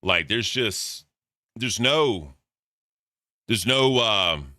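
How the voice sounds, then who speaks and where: A man's voice: lowish voice, animated, very slow, sharp tone, no room sound, clean studio sound. A man giving mocking, profane reaction commentary, talking to his chat. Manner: addresses chat as bro. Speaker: streamer reacting to clips.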